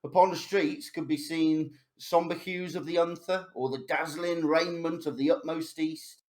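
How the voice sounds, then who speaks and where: A man's voice: on the high side, fairly even intonation, darkish tone. A man running a tabletop game as game master, reading a long lore passage aloud with frequent restarts and fillers. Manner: halting, reads lore aloud with many restarts.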